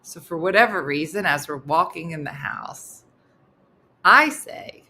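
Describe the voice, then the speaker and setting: A woman's voice: on the low side, expressive, a little slow, pushed and bright, husky. A middle-aged woman hosting a morning show, telling a funny story in a casual way and laughing often as she goes.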